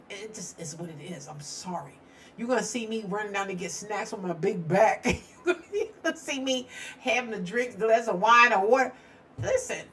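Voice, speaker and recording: A woman's voice: mid-range voice, fairly bright tone, a little hiss or hum. Chatty middle-aged woman live-streaming from home. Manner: chatty, rambling, laughs often. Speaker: true-crime live stream host. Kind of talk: casual live-stream chat. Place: home studio.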